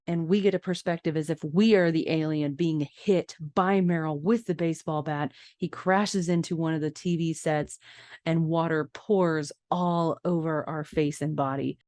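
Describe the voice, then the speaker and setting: A woman's voice: sits low, a little mellow, no echo, clean studio sound. A woman hosting a casual podcast, narrating film scenes in detail with chatty asides. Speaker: podcast host.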